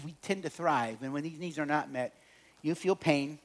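A middle-aged man speaking to an audience about relationships, telling humorous stories and swinging between loud and quiet. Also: on the high side, normal speed. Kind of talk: humorous storytelling talk to an audience.

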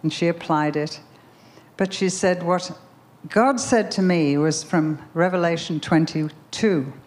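Delivering a sermon at a Bible conference, this woman tells a story with emphatic repetition and then leads a prayer. She speaks at a measured pace in a fairly low, slightly mellow voice.

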